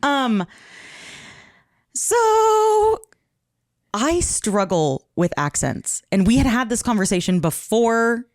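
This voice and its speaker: A woman's voice: fairly high pitch, big pitch swings, slow pace, pauses often, no room sound, clean studio sound. A woman co-hosting a podcast in casual chat, telling stories with self-deprecating giggles. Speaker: podcast co-host.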